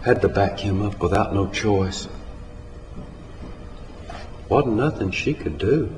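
Slow folksy man telling a story. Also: lowish voice, animated, a little mellow, soft background music. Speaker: storyteller and poet. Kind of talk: live storytelling and poetry reading. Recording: echoey hall, from far off.

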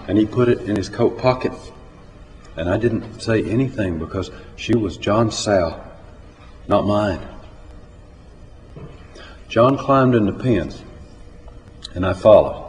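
A man telling a story aloud to a live audience in a plain, unhurried way. Recorded in a hall. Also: on the low side, darkish tone, a little hiss or hum. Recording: echoey hall, faint ambience.

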